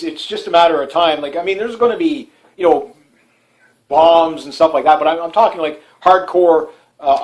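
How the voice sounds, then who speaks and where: In a low-quality recording, a man from Canada runs a one-man talk show, rambling through political commentary. He speaks in a voice a bit higher than most men's, keeps restarting, leans on "uh" and "you know," and frequently laughs at what he says.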